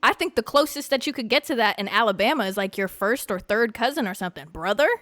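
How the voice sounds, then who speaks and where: A woman hosting a podcast in casual chat, brash and excitable, swearing freely. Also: on the high side, quick pace, dry recording, faint music behind. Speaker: podcast host.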